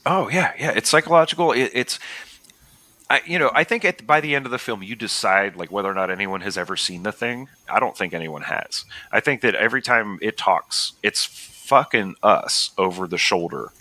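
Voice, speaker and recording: A man co-hosting a podcast, chatting casually and excitedly about a movie, swearing and acting out scenes. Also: fairly low pitch, no echo. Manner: excitable, swears, acts out scenes in quick voices. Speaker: podcast co-host. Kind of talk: casual movie review chat.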